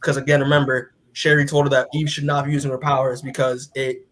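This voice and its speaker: A man's voice: mid-range voice, level tone, quick pace, a bit bright. A man casually recapping a comic book as a podcast co-host, rambling with lots of filler words and casual swearing.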